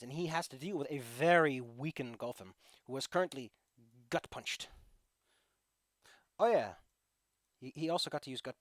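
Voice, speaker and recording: A man's voice: fairly high pitch, no echo. A man running a tabletop game as game master, narrating combat and rules in a chatty, joking way over a voice call.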